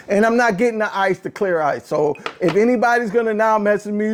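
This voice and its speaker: A man hosting a casual political talk show, ranting in an animated, exasperated way, often repeating phrases and swinging from low muttering to a raised voice. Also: brisk, hardly any pauses, a little hiss or hum. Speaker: podcast host. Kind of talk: casual political commentary rant.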